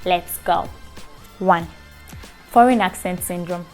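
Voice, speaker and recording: A woman's voice: lowish voice, slow pace, faint music behind. A young woman hosting her own vlog in a chatty, playful way, teasing her viewers. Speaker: show host. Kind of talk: casual vlog talk.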